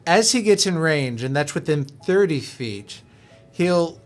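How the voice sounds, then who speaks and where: Male player, slow and deliberate, lively pitch. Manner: careful, explaining. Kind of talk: tabletop game chat.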